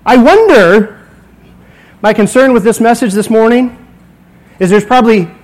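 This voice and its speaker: Pastor guy in his 40s, kinda high voice, chatty sermon w little acted-out bits. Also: moderate pace, poor audio. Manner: conversational, acts out little dialogues. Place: church sanctuary.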